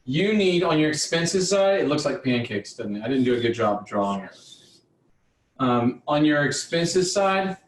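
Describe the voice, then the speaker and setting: A fired-up man gives a blunt pep talk to shop owners, swearing a little as he pushes them. His voice sits high for a man. The sound bounces around a roomy, echoey space. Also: big pitch swings, normal speed, far from the mic, a little hiss or hum. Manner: fiery motivational, blunt, mild swearing. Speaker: business coach for auto repair shop owners. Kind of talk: live online coaching session.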